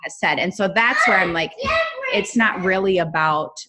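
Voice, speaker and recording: A woman, a mother on a coaching call, asking a question with hesitant pauses and many "um"s. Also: lowish voice, heavy background noise. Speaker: caller, a mother in the coaching group. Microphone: video call.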